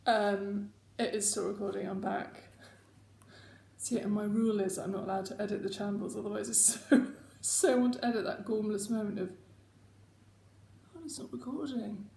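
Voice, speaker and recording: A woman's voice: medium pitch, flat delivery, moderate pace, gravelly, warm tone, a little hiss or hum. A woman hosting her own casual video chat, rambling and self-mocking as she talks at home. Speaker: host. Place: home room. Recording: echoey home room.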